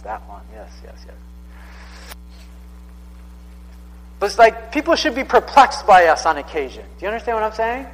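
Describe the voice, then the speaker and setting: A man's voice: on the high side, a bit bright, big-room sound, poor audio. A man in his thirties preaching a sermon in a casual, conversational way, often repeating himself for emphasis. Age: 30s. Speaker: pastor.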